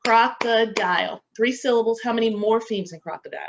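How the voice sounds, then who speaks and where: A woman's voice: medium pitch, a little slow, slight background noise. A woman professor giving a reading lesson to teacher candidates, asking questions and answering them herself. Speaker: education professor. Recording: dull lo-fi lecture recording.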